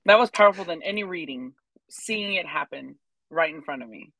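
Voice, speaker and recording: A woman's voice: sits low, animated, a little fast, fairly bright tone, dry recording. A woman co-hosting a podcast, telling a personal story in casual chat and acting out the people she quotes. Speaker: podcast co-host.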